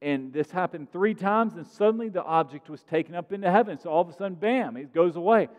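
A man preaching a sermon in a conversational style, growing loud on points of emphasis, in a large church sanctuary. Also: sits high, quick pace, lo-fi sound. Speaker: pastor. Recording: long sanctuary reverb.

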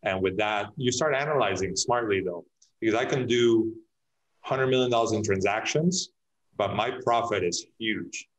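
A man's voice: fairly low pitch, moderate pace, low-quality recording. A man, a real estate agent, talking in a casual podcast interview, telling stories with many restarts and acting out his clients' lines.

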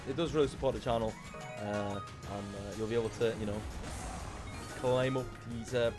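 A young man commentating his slot gambling session, shouting excitedly as wins land. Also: mid-range voice. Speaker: slot streamer.

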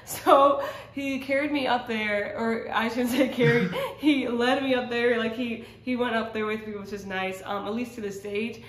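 A woman's voice: fairly high pitch, steady tone, moderate pace. Earnest, rambling woman in an echoey room. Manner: rambling, earnest, with many fillers and restarts. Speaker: vlogger sharing a testimony. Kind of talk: casual testimony talk. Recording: roomy echo.

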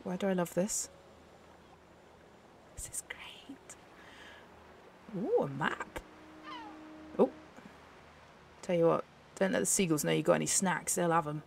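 A young woman host chatting excitedly as she plays a game, often laughing. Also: lowish voice, normal speed, creaky, pauses often, a little hiss or hum. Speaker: gaming channel host. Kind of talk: casual gameplay commentary.

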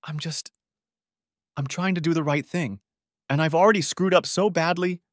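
A man's voice: on the high side, steady tone, normal speed, no echo, clean studio sound, pitched above the performer's own voice, close to an everyday voice. A man reading an audiobook, voicing a young adult daughter who pleads and defends herself. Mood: tearful.

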